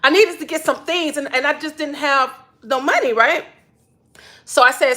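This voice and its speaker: A woman's voice: high-pitched, normal speed, bright, forceful tone. A woman, telling personal stories to viewers in a chatty way, repeating "literally" and laughing often. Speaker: spiritual wellness creator. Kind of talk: casual storytelling to viewers.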